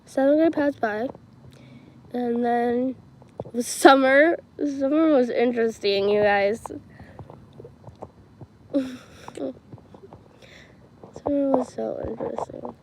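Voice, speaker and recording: A woman's voice: a little high, slow pace, long pauses, a little mellow, a little hiss or hum, poor audio. A teenage girl telling stories on a livestream in a casual, chatty way, giggling often and filling her talk with "like" and "um". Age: teens. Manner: chatty, giggly, many fillers like "like" and "um".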